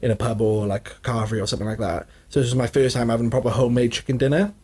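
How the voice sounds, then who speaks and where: A young man chats on a casual podcast, his voice a little husky. He tells rambling family stories and laughs often at them. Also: medium pitch, steady tone, rapid-fire, a little mellow. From Wales. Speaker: podcast co-host. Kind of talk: casual chat.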